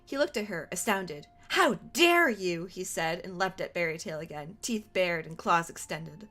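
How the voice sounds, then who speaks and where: A young woman streamer reading an old fan roleplay aloud, amused and quick to laugh. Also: on the low side, fairly bright tone. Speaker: streamer host. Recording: faint music behind.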